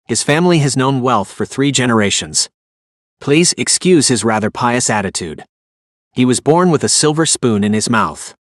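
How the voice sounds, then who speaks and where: A genial, businesslike host of a secluded retreat, as a male narrator reads him. His mid-pitched voice comes across smooth and brisk. The audiobook sound is dry and close. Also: expressive, dry recording, lightly acted.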